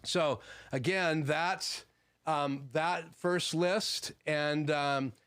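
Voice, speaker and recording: Smooth-voiced man hosting a gear livestream. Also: on the high side, fairly even intonation, drawn-out words, a bit bright. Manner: conversational, frequent "um" fillers, explanatory. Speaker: livestream host. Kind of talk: casual gear talk answering live chat. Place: home video studio.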